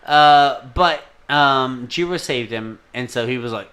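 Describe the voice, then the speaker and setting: Casting: male podcast co-host, mid-pitch, loose and profane, rambling through a film recap. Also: a little slow, a bit bright, smooth. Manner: profane, rambling, talks with his hands. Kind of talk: casual chat recapping a film. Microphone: desk microphone.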